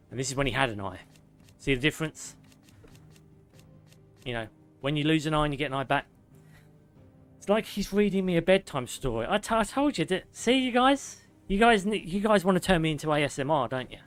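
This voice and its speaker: A young man streaming a game, reading lore slowly and drawn-out, with joking banter in between. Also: medium pitch, lively intonation, soft background music. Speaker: gaming streamer.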